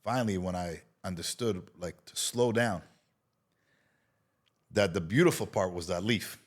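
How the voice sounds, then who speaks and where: A man's voice: low-pitched, a little slow. A middle-aged man from Israel, a guest in a casual interview, telling a story with swearing and acted-out quotes. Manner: animated, swearing storyteller who acts out quotes.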